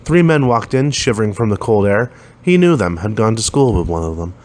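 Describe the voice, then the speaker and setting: A man with a fairly low voice reads a science fiction story aloud. He keeps the telling plain and steady, lifting his voice only a little when the characters speak. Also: brisk. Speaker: narrator.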